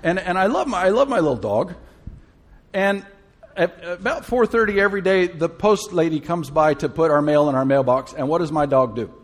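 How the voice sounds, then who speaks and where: A man's voice: on the high side, animated, normal speed. A man preaching a sermon in a conversational way, full of rhetorical questions and humorous asides.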